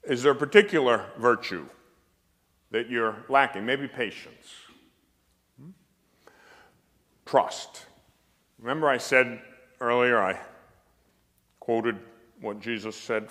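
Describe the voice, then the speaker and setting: A priest lectures an audience in an emphatic, storytelling way, his pitch swinging up and down as he drives points home. A dry humor runs through his delivery. His voice carries a long reverb from a large hall. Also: expressive, slow pace, long pauses, a bit bright.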